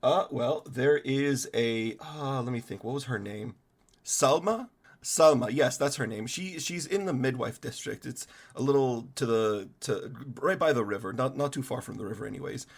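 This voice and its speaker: A man voicing a friendly, helpful shopkeeper who pauses to think as he talks. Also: mid-range voice, gravelly, slightly rough, voice pushed up. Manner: friendly, hesitant.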